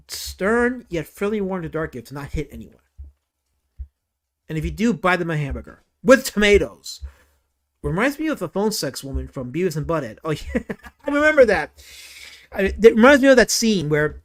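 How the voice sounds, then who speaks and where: A man hosting a casual livestream, rambling through comic commentary and reacting to chat with frequent exclamations and swearing. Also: a little high. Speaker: livestream host.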